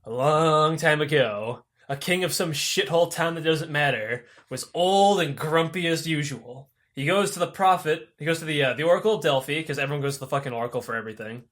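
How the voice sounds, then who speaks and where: A young man hosting a podcast, retelling myths in a profane, animated, comedic way and laughing often. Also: fairly high pitch, fairly quick, few pauses. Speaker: podcast host. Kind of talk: comedic casual storytelling.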